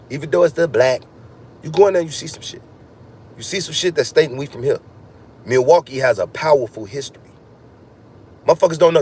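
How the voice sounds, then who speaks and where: A man's voice: fairly high pitch, a little mellow, slightly rough. A man delivering a heated, profane, freewheeling podcast monologue, ranting and swearing constantly. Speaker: podcast host.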